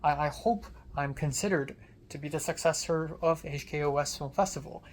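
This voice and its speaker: Sardonic young vlogger with an American accent. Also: medium pitch. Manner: rambling, sardonic, quick asides. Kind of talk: casual storytelling vlog.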